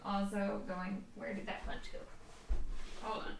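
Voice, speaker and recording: A woman's voice: mid-range voice, little pitch movement, measured pace, vocal fry, a bit bright, slight background noise. A woman hosting a live crafting stream, chatting casually, laughing often and talking herself through her work. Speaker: crafting livestream host. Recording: roomy echo.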